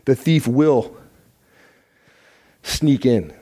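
Earnest male church teacher, emphatic sermon delivery, warm tone. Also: medium pitch, expressive, extremely slow.

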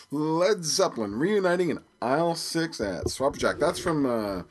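A man of about fifty from Belfast, Northern Ireland hosts a solo podcast, his husky voice on the high side and very animated at a measured pace. He rambles and jokes casually, using many fillers.

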